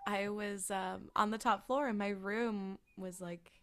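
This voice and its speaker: A woman's voice: medium pitch, measured pace, slight background noise. A young woman co-hosting a podcast, chatting casually and laughing often as she tells stories. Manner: giggly, animated storytelling. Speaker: podcast co-host. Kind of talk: casual chat.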